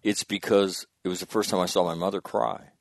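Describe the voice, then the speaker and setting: A man's voice: low-pitched, steady tone, a little fast, creaky, dry recording, clean studio sound. A man in his sixties telling a long personal story in casual chat, rambling and correcting himself and laughing at his own mishaps. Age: 60s.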